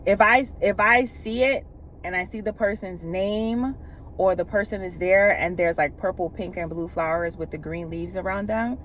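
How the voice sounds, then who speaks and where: A woman's voice: mid-range voice, a bit bright, slight background noise. Candid woman telling stories in a car. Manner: candid and emphatic, with casual profanity; retells scenes by acting out quoted speech. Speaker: vlogger sharing spiritual experiences. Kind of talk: casual storytelling monologue.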